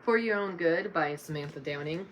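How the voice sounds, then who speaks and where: A young woman reading off a list of books in a casual vlog, slow and unhurried, often apologizing with a soft laugh. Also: lowish voice, slight background noise. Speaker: book vlogger.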